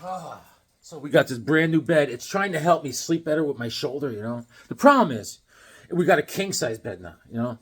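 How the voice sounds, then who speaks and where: A man chats casually as a comic collector, throwing in dad jokes and long, rambling stories. His voice is husky and sits a bit high for a man, and it swings widely in pitch. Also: lively intonation, moderate pace. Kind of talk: casual chat while unboxing comics.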